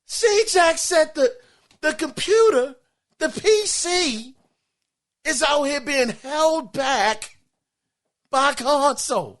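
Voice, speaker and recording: Male podcast host reading listener mail, lively swinging pitch, bright voice, keeps exclaiming and stammering. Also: slow, long pauses. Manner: animated, exclaiming, laughing, stammering. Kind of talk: casual podcast chat reading listener email.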